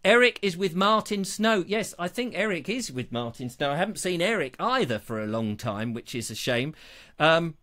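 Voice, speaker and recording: A man's voice: a little high, big pitch swings, moderate pace, a bit bright. A man hosting his own live show, chatting in a rambling, self-mocking, jokey way. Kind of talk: chatty live-stream banter.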